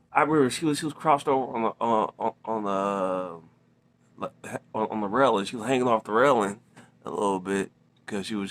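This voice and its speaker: A man's voice: fairly low pitch, a bit bright, slight background noise. Rambling slangy man telling a story. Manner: rambling, many fillers and restarts, slangy. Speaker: storytelling vlogger. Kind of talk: casual storytime.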